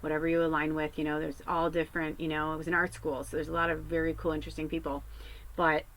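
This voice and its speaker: A woman's voice: sits low, little pitch movement, fast talker, a bit bright, poor audio. A woman psychic medium telling a personal story in a casual, rambling way, swearing freely.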